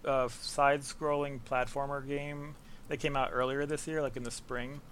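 Relaxed New man chatting. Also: mid-range voice, moderate pace, slight background noise. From the Bronx, New York. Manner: relaxed, rambling, with frequent fillers and laughs. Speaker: podcast guest, games writer. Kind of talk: casual conversation.

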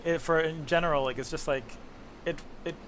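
On a podcast, a Bronx, New York games writer chats casually in a voice on the high side, a bit bright, fairly even in intonation and fairly quick. He rambles with fillers and laughs, and there's a little hiss or hum.

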